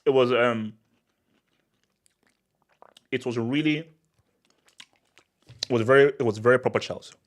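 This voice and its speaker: A man hosting a casual live question-and-answer stream, talking in an animated way with many restarts and frequent laughter. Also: mid-range voice, unhurried, long pauses. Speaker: football channel host.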